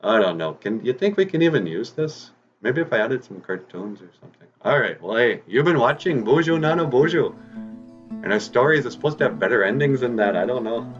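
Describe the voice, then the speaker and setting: A man's voice: lowish voice, expressive, fairly quick, few pauses, muffled recording, soft background music. A man telling a folk tale in a casual, chatty way as host of his own channel, with rambling restarts and asides.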